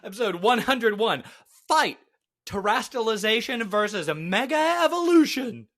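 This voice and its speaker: A man's voice: high voice, lively intonation, unhurried, fairly bright tone. A man co-hosting a podcast in casual chat, rambling and correcting himself with a wry edge. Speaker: podcast co-host.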